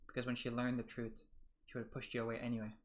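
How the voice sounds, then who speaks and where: Man doing a quiet, cold inner voice. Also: mid-range voice, completely flat delivery, racing, lightly acted. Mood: accusing.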